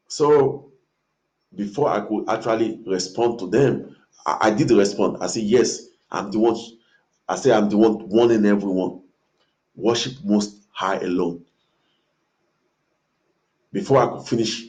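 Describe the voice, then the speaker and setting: Man, lowish voice, animated dream retelling, makes trumpet sounds, repeats lines for emphasis. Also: a little slow, pauses often. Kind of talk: dramatic storytelling of a dream.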